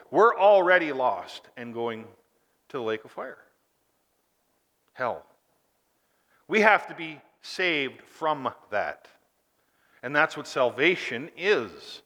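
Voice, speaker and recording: A male preacher in the middle of a sermon, his voice pitched high and ringing bright. He presses his points with rhetorical questions, swinging from loud emphasis down to a near hush. The church around him carries a long, echoing reverb. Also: very animated, slow pace, long pauses.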